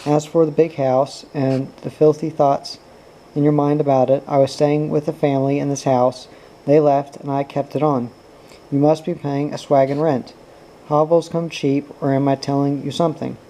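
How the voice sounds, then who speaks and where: A man reading the part of a smooth-talking, self-pitying former lover who wheedles and pleads. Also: a little high, flat delivery, moderate pace, mellow, close to an everyday voice, poor audio. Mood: wheedling.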